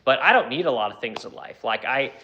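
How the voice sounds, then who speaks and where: A middle-aged furniture maker from the United States answering viewer questions in a rambling, blunt way, swearing and filling pauses with "you know.". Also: male voice, medium pitch, animated, muffled recording. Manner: rambling, profane, lots of fillers like "you know". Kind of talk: casual Q&A talk.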